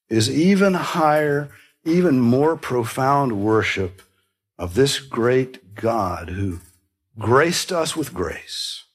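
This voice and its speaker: A man preaching a sermon, explaining scripture in an earnest teaching manner with small restarts and soft laughs. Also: medium pitch, breathy edge. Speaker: pastor.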